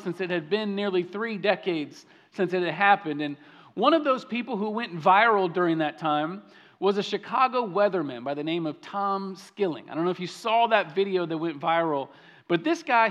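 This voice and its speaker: Guy pastor with a high voice telling a story in his sermon, chatty, kinda muffled lo-fi sound. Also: fairly bright tone. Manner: conversational storytelling, frequent restarts.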